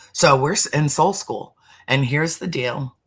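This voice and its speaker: A middle-aged man talking through a heartfelt spiritual conversation, slow and deliberate, sometimes sinking to a near-whisper for emphasis. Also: on the high side, vocal fry, a bit bright, husky.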